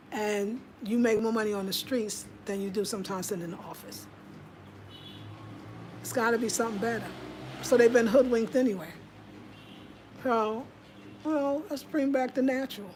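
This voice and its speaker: Speaking at a moderate pace and pausing often, this middle-aged American vlogger has a fairly high, darkish voice. She talks casually to camera at home in an emphatic, chatty monologue, doing voices when she quotes people, with a little hiss or hum behind her.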